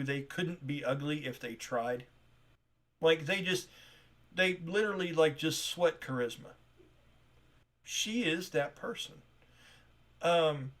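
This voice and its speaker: A man narrating a tabletop role-playing game as game master. He talks in a chatty, animated way. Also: a little high. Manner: animated, chatty, laughs easily.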